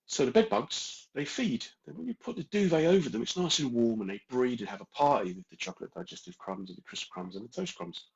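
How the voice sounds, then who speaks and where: A man's voice: mid-range voice, very animated, brisk, vocal fry, hardly any pauses, lo-fi sound. A man with a London accent hosting a casual live stream from home, joking and greeting viewers by name. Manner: straight-talking, jokey, addresses viewers by name.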